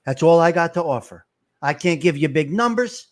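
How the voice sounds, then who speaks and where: A man's voice: on the high side, animated, normal speed. A middle-aged man, hosting a live stream and ranting in a heated, profane way while calling out to his chat. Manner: fired-up, profane, shouting out to chat.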